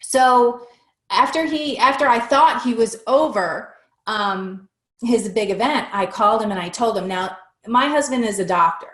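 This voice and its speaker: Woman in her fifties, interview guest, lively storyteller, voices the dialogue, slightly high voice, roomy echo. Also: a little slow. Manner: animated, acts out quoted dialogue. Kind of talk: personal storytelling in conversation.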